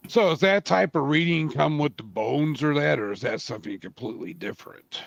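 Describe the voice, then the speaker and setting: A man with a gravelly, fry-heavy voice co-hosts a podcast. He asks the guest questions in a halting, casual way, often stopping to search for words. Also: fairly high pitch. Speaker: podcast co-host. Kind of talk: casual chat.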